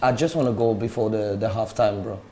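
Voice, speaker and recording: A man's voice: fairly low pitch, brisk, dark tone, a little hiss or hum. A man from France on a live football watch-along panel, casual and given to short cheering outbursts.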